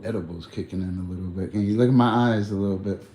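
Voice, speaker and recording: A man's voice: deep voice, quick pace, dark tone, slight background noise. A man chatting loosely on a livestream, rambling in slang and laughing often. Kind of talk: casual livestream chat.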